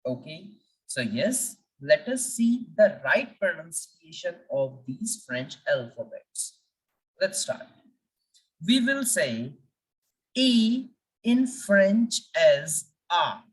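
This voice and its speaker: A woman teaches French at an unhurried pace and lingers over each letter. Her low voice rises and falls a lot, and she sounds slightly far from the microphone. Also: sing-song. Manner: slow, deliberate, repeats letters for practice. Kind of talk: language lesson.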